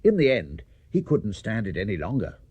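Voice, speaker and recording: Expressive husky-voiced male storyteller. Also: on the low side, normal speed, no room sound. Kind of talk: children's story reading.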